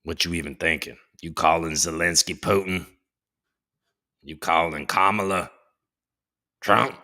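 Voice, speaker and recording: A man's voice: sits low, steady tone, unhurried, bright, forceful tone, voice pushed down, exaggerated voice. A man putting on a voice for a laid-back, slangy man teasing a friend. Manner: drawling street slang, teasing.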